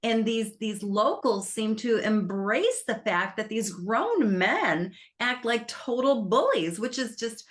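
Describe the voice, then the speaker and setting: A woman film critic, chatting casually and retelling a movie plot in an animated way. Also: a little high, slow, few pauses. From United States. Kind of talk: casual film review chat.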